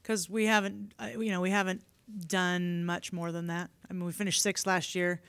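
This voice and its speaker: A woman head coach answering reporters at a media day podium, candid and relaxed, with plenty of fillers. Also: on the low side, moderate pace, clean tone, no room sound. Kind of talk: press conference answers.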